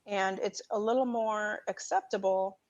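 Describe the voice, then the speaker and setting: A woman talking as a guest in a relaxed chat, wandering through her thoughts and perking up when something matters to her. Her audio comes through dull and lo-fi, with the top end muffled. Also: mid-range voice, a little slow. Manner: rambling, many fillers and restarts, animated when making a point. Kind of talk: casual conversation.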